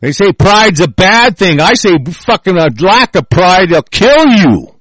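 A man reading lines aloud and answering them in a profane, angry rant, swinging between loud outbursts and low muttering. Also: very animated, a little slow, no room sound. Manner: reads lines aloud then rants with heavy swearing. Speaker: vlogger reacting to a text.

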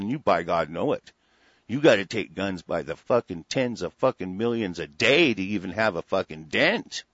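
A man's voice: mid-range voice, dry recording. A man delivering an angry, heated monologue, full of profanity and restarted phrases. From United States. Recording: dry, dull lo-fi recording.

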